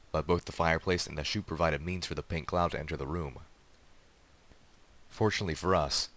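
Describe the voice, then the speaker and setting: Brief: male reader, very low voice, steady even narration of a story. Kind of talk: reading a fan story aloud.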